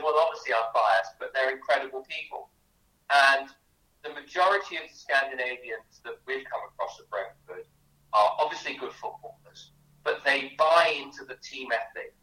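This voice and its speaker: A man's voice: medium pitch, sharp tone, roomy sound, far from the mic, rough recording. A man, a guest author on a radio interview, telling chatty anecdotes with many restarts. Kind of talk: animated storytelling in a radio interview.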